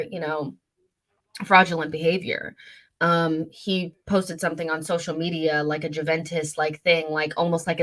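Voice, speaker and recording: A young woman whose voice sits low and a bit bright hosts a casual livestream for her fans, reading their comments aloud. Her talk is chatty and rambling, packed with fillers and self-corrections, and comes through a studio mic at a desk.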